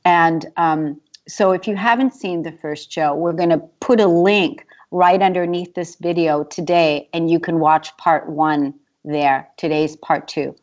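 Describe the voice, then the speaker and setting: A woman with a very low voice hosts an interview, restarting and repeating her words as she goes. The sound is dull and lo-fi, and her delivery is earnest and unpolished. She sets up her guest's story at length. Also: fairly even intonation, a little mellow. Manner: halting, repeats words at starts. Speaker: talk show host. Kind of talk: interview hosting. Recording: dull lo-fi recording.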